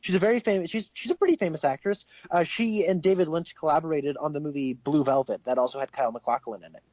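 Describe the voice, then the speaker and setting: A young man co-hosting a casual podcast chat, rambling and excitable, laughing often. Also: on the high side, fast, dry recording, lo-fi sound. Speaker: podcast co-host.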